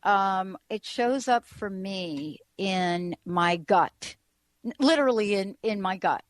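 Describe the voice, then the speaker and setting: A woman's voice: medium pitch, animated, slow, no echo. A woman hosting a talk radio show, chatting casually and rambling with frequent restarts.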